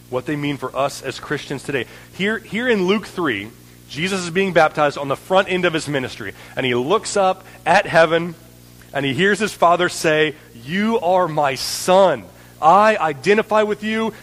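A man's voice: mid-range voice, fairly bright tone, big-room sound, a little hiss or hum, poor audio. A man preaching a sermon in an earnest way, building in intensity and often checking in with "right?".

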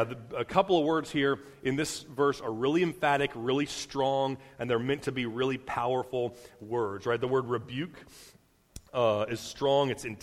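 A young man preaching a casual sermon, talking loosely with fillers and restarts and acting out quotes. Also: medium pitch. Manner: conversational, many fillers and restarts, acts out quotes. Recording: long reverb of a large hall.

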